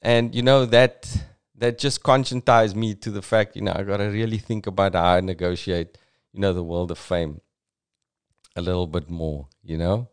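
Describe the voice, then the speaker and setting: A man's voice: sits low, steady tone, moderate pace, clean tone. A South African man giving casual, reflective commentary as a podcast host, full of "you know"s.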